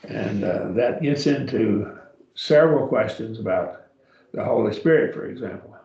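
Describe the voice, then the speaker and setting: A man with a gravelly voice leads a classroom grammar lesson, patiently breaking words into syllables. The sound is echoey and a little dull, like a lo-fi recording of a church classroom. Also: lowish voice, expressive, moderate pace, dark tone. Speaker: Greek teacher.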